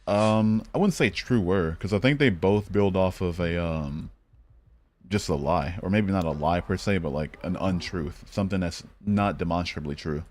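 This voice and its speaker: A man's voice: deep voice, a little mellow, slight background noise. A man from Michigan hosting a casual live stream, speaking bluntly and profanely and thinking aloud with many fillers. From Michigan, United States. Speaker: streamer and host. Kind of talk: casual live-stream chat while playing a geography game.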